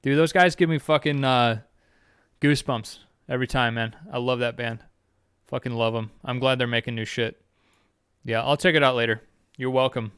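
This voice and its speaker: A man hosts a podcast like a live chat with his viewers, rambling and swearing constantly. He is excitable and quick with exclamations. His voice is smooth and clear, and the recording is dry and close. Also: medium pitch, no room sound. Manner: rambling and heavily profane. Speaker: podcast host.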